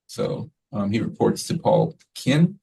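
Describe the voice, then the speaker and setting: A man who leads a school, giving a relaxed, rambling report to the board, full of fillers and quoted asides. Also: lowish voice, slow pace, gravelly, slightly rough, far from the mic, poor audio. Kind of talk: casual spoken report at a meeting.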